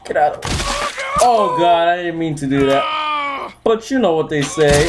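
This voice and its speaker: A gaming video host giving loose let's-play commentary, yelping, shouting and laughing while taunting the characters on screen. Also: medium pitch, moderate pace, long pauses, background noise. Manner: excitable, yelps and shouts, frequent laughs; talks to game characters, taunting.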